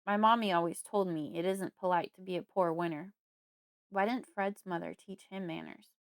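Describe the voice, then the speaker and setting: A woman's voice: lowish voice, fairly even intonation, dry recording, studio quality. Woman narrating a horror audiobook. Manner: measured storytelling in a child's first-person voice.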